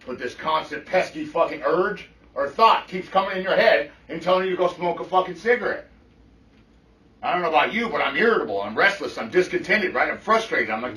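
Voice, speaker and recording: A man's voice: medium pitch, sharp tone. Blunt, profane middle-aged man in an echoey room. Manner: blunt and profane, often checks in with "right?". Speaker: recovery meeting speaker. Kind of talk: personal testimony to a group. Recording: echoey room, mic from far off.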